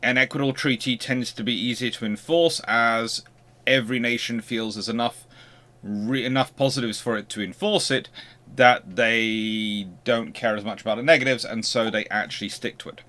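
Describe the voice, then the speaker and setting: A man's voice: mid-range voice, steady tone, normal speed, bright, forceful tone. A man hosting a history channel, giving an unscripted lecture and posing rhetorical questions as he explains.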